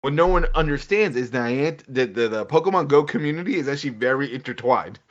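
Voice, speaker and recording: A man co-hosting a casual gaming podcast, rambling and animated, acting out quotes as he talks. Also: mid-range voice, a little fast. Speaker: podcast co-host. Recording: dull lo-fi audio.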